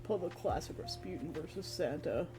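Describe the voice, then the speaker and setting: A streamer chatting casually in a rambling, animated way, recapping a tabletop game and slipping into quick quoted voices of the characters. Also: mid-range voice, soft background music.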